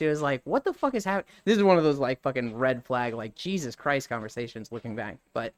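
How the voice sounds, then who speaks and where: A man's voice: mid-range voice, expressive, fast talker, hardly any pauses, no room sound. A man in his thirties, a streamer telling a story in casual talk, swearing freely and acting out the people he quotes.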